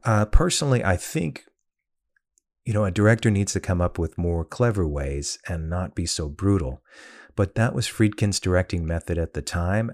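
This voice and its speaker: A man's voice: low-pitched, darkish tone, no room sound, clean studio sound. A man hosting a horror-film podcast, talking in a conversational, thoughtful way with some filler words. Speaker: podcast host. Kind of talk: solo horror-film talk.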